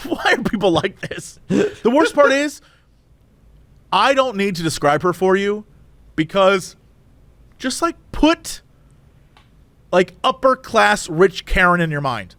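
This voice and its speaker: A man co-hosting a podcast, telling a story in casual chat and acting out both sides with high and low voices. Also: sing-song, slow pace, pauses often, a bit bright, no echo. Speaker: podcast co-host.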